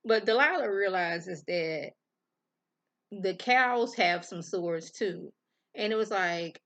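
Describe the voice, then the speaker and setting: A woman's voice: medium pitch, slow pace. Chatty Southern woman recapping a show. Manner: chatty, slangy storytelling, lively retelling. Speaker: TV review vlogger. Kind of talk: casual recap of a TV episode.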